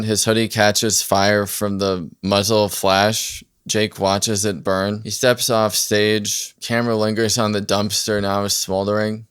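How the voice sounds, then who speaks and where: A man narrates a script in a low, smooth voice. His delivery is deadpan and barely rises or falls. The tone stays the same throughout.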